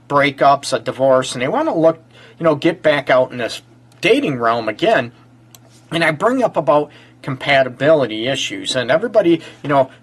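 A man hosting a live-streamed relationship advice show, hoarse and stuffy from a cold, chatting loosely with lots of fillers and greeting viewers. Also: mid-range voice, a bit bright. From Michigan. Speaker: relationship counselor and show host.

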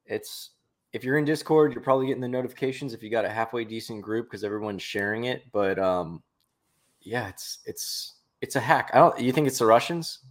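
A man's voice: medium pitch, a little fast. Man rambling casually on a podcast. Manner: rambling, loose and joking. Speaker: podcast co-host.

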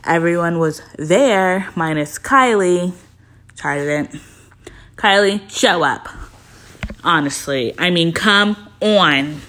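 A woman's voice: on the low side, animated, slow pace, fairly bright tone, a little hiss or hum. A woman hosting a podcast in casual chat, gossipy and chatty, with lots of filler words. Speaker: podcast host.

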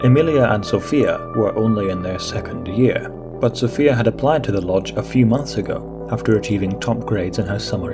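A man with a fairly low voice reads a story aloud in a steady, even manner. A clear music bed runs beneath his narration.

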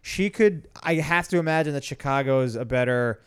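A man's voice: on the high side, fairly quick, clear, resonant tone, no echo, clean studio sound. A man co-hosting a podcast in casual chat, talkative and swearing freely. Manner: chatty, swears, frequent laughs and restarts. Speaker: podcast co-host.

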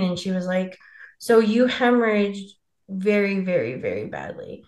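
A woman's voice: medium pitch, lively intonation, moderate pace, darkish tone, echoey room. A woman in casual podcast chat, rambling and filling with "like" as she acts out quoted dialogue. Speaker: podcast co-host telling her birth story.

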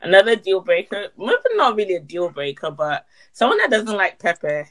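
A woman's voice: mid-range voice, expressive, normal speed. A young adult woman co-hosting a podcast, emphatic and laughing often in casual chat. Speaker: podcast co-host.

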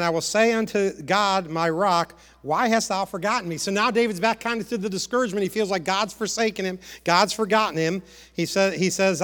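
A man preaching a sermon with passion, repeating words and dropping to a hush to press a point. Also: high voice, big-room sound. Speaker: pastor.

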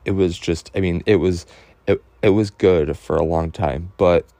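A man telling a personal story in a halting, earnest way, full of fillers and restarts, openly emotional. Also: low-pitched, fairly even intonation, mellow, dry recording.

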